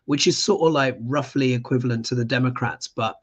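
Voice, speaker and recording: A man's voice: medium pitch, fairly quick, husky. A man hosting a live astrology show, reading tarot cards and ranting with emphatic passion.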